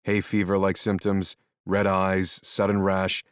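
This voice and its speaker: Deep, dry-voiced male narrator, calm and measured audiobook reading. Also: clear, resonant tone, no echo. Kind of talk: first-person scripted narration.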